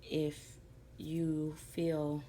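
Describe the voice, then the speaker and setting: A middle-aged woman who collects dolls and vlogs about them talks casually to her viewers in a low, mellow voice that stays completely flat and moves extremely slowly. She tells a funny story about her dolls, laughing as she acts out what other people said. There's slight background noise.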